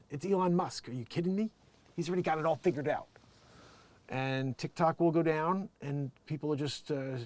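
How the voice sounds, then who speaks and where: A man hosting his own show, talking in a rambling, joking way that swings between low mutters and loud bursts. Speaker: show host. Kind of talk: casual live-stream commentary.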